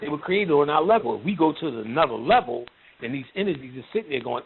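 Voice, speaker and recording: A man with a fairly high voice delivers a profane, ranting spiritual lecture, blunt and mocking throughout. The sound is thin and phone-like, with a faint hiss behind it. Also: lively intonation, fast, creaky. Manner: blunt, mocking, heavy on profanity and street slang. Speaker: lecturer on occult and spiritual topics. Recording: tinny phone-like line with faint noise.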